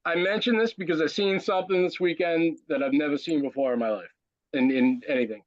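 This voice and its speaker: A man's voice: on the high side, brisk, no echo. A man hosting a podcast, talking casually and stressing his points firmly. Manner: emphatic, repeats points. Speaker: podcast host. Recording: dull dry audio.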